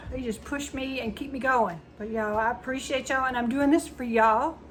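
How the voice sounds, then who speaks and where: A woman's voice: high voice, normal speed. A woman with a Southern US accent hosting a cooking channel, talking casually and emotionally to her viewers. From Southern United States. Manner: chatty and emotional, says y'all a lot. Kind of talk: casual chat to camera.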